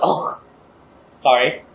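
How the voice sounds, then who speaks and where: A man with a worn-out, hoarse voice casually reading a visual novel aloud for a let's play, with apologetic asides. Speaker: gaming YouTuber.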